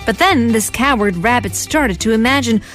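A woman narrating a children's story in an expressive storytelling manner. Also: a little high, normal speed, soft background music.

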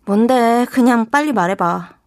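A woman's voice: fairly high pitch, racing, dry recording, clean studio sound. A young woman playing an exasperated listener who is tired of a friend's bad jokes in a scripted lesson dialogue. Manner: flat, exasperated, dismissive.

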